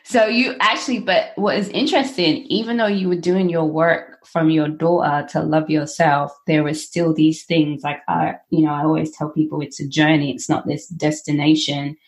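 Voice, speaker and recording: Female podcast host of Caribbean background, lowish voice, casual and laughing. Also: steady tone, moderate pace, few pauses. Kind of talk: casual interview chat.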